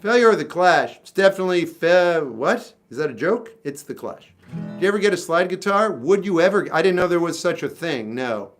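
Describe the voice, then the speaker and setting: A man's voice: on the high side, expressive, moderate pace. A man in his forties from South Florida, casually chatting and answering viewers' questions on a music livestream, wry and laid-back.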